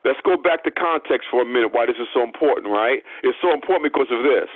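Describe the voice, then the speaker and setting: A man's voice: mid-range voice, lively intonation, quick pace, no room sound. A man preaching a sermon, emphatic and repeating phrases for stress. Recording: tinny phone-like sound.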